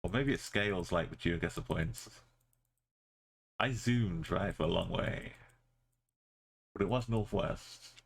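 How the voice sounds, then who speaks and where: A man with a very low voice talks through a live stream in loose, easy chat. He mutters half-finished thoughts to himself, then turns to his viewers to muse and chat. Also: takes it slowly, vocal fry, long pauses, slightly rough. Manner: thinking aloud, musing and chatting with viewers. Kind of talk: casual live-stream commentary while playing.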